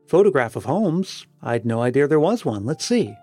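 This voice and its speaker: A man voicing an earnest, sentimental elder sister while reading an audiobook, in a gentle manner. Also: mid-range voice, very animated, fairly quick, soft background music, lightly acted. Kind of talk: read-aloud dialogue in an audiobook.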